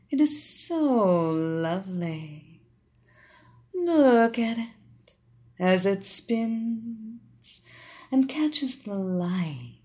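A woman voicing a seductive female hypnotist who speaks slowly in a sultry, soothing way. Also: medium pitch, warm tone.

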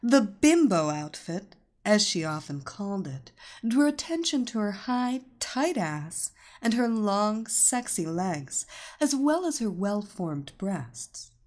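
A woman narrates an audiobook at an unhurried pace. Her intonation rises and falls expressively throughout. It is steady, deliberate storytelling. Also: medium pitch.

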